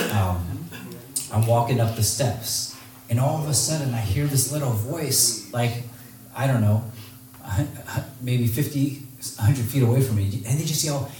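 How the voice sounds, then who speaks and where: A man's voice: mid-range voice, distant mic, noisy background. Man telling stories in an echoey hall. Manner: animated, acts out quoted voices. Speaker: speaker giving a talk. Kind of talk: storytelling talk to an audience. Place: large hall with audience.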